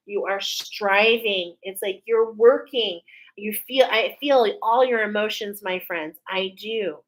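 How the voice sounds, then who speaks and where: A woman's voice: medium pitch, a bit bright, poor audio. A woman giving a spiritual oracle card reading to her viewers, earnest and soothing, often checking in with "okay?".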